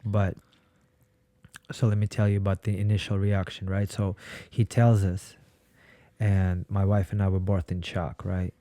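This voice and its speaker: A man's voice: low-pitched, little pitch movement, a little slow, dark tone, no room sound. A man from Ukraine, a podcast guest, telling his story in a blunt, casual way and swearing freely. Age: 20s.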